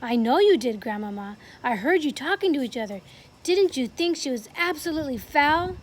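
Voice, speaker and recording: A woman voicing an excited small boy turned into a mouse, talking eagerly. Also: sits high, moderate pace. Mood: chatty.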